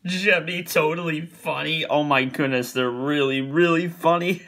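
A man narrates his comedic reaction to a run of silly pictures, talking slowly and breaking into giggles and singsong chants. His voice sits a little high and sounds bright and forward. He keeps mock-scolding the picture maker in a playful tone. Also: creaky, soft background music.

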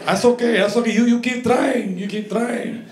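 A man voicing a pushy, excitable male fitness trainer who speaks in broken English. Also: extremely high pitch, normal speed, noisy background. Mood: bossy. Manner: broken English, coaxing and insistent. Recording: echoey comedy club with crowd laughter.

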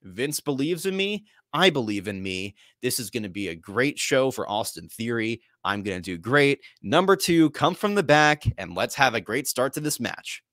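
A man's voice: mid-range voice, very animated, normal speed, few pauses, a bit bright, no room sound, studio quality. Brief: man voicing a brash young male wrestler, self-assured, pumped. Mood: cocky.

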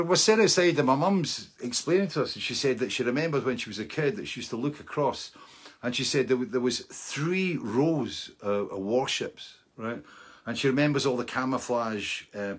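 A middle-aged man hosting a live-streamed show, telling a rambling, animated anecdote with frequent laughs and asides. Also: mid-range voice, slightly rough. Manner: rambling and animated, laughing often and tagging lines with "right?". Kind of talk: casual anecdotal storytelling.

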